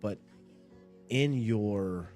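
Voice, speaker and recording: Male podcast host, lowish voice, relaxed rambling motivational talk, faint music bed. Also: very slow. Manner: rambling, repeats and restarts phrases, laid-back. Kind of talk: casual motivational monologue.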